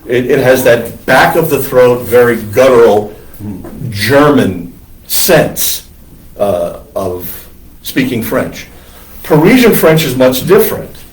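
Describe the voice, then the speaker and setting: A priest lecturing on church history in a classroom, wandering into digressions with many ums and uhs. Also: male voice, medium pitch, lively intonation, slow pace. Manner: discursive, digressive with many fillers. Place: classroom with students. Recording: roomy classroom from far off.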